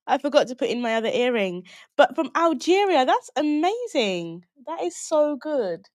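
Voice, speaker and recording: A woman's voice: high voice, very animated, no room sound, studio quality. Upbeat woman teaching live online. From London, England. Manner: chatty and upbeat, greeting viewers by name with quick laughs. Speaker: business coach hosting a live online masterclass. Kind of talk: casual live-stream teaching.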